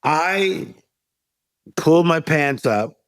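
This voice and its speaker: A man's voice: a little high, expressive, very slow, clean tone, no room sound. A middle-aged man, a life coach guest, telling a story in an interview and acting out the voices of the people in it. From United States.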